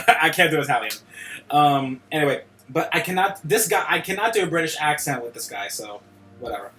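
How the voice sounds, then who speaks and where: A man's voice: fairly high pitch, animated, moderate pace, pushed and bright, soft background music. A young man casually commenting while he streams a game, joking around and laughing often.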